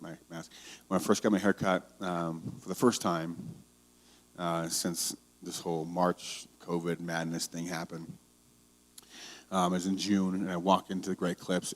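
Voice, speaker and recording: A male pastor preaching a conversational sermon, telling stories and growing heated. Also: deep voice. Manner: conversational storytelling, grows heated.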